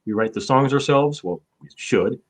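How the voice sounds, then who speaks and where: A man's voice: mid-range voice, lively intonation, normal speed. A man in his fifties, hosting a casual chat, rambling with lots of fillers and swearing. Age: 50s. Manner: rambling, profane, with many fillers. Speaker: show host.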